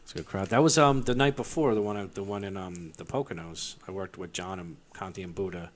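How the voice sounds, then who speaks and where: A man's voice: deep voice, fairly even intonation, a little fast. A man, co-hosting a casual podcast and telling profane stand-up stories. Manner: profane storytelling, acts out crowd exchanges. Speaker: comedian co-host.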